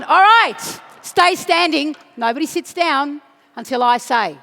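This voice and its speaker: Bright-voiced woman rallying a hall. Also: high-pitched, lively intonation, unhurried, vocal fry, some chatter behind. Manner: playful, teasing, rousing, breaks into shouts. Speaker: chant leader at a union congress. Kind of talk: leading a crowd chant and dance. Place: large conference hall. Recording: echoey large hall.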